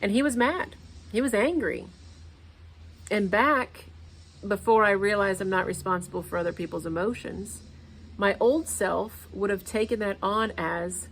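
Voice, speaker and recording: A woman in her thirties talks through everyday emotions in an earnest, conversational way, often circling back to repeat her point. Her voice sits at a medium pitch, and faint noise hums under the recording. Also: a little slow. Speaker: podcast host. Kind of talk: casual motivational talk.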